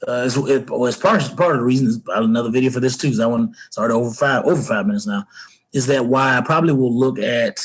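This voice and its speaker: A middle-aged man hosting his own fatherhood channel, giving a casual solo rant full of pauses, fillers and restarts. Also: medium pitch, breathy edge, rough recording. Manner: hesitant, many fillers and restarts.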